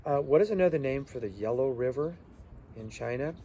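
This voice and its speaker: A man's voice: mid-range voice, lively intonation, dark tone, a little hiss or hum. A male teacher giving a loose review lecture full of fillers, stopping to spell out terms letter by letter. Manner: loose, halting delivery with many fillers.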